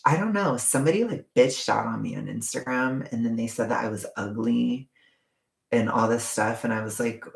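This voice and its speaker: Campy young man chatting, gravelly. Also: mid-range voice. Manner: chatty, campy, swearing, quick asides. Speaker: vlogger. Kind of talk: casual chat to viewers. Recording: echoey room.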